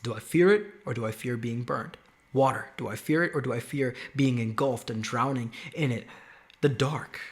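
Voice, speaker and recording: A man's voice: mid-range voice, fairly bright tone. A man hosting a Christian video show, talking animatedly and posing rhetorical questions to the viewers. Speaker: host. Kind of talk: faith video show monologue.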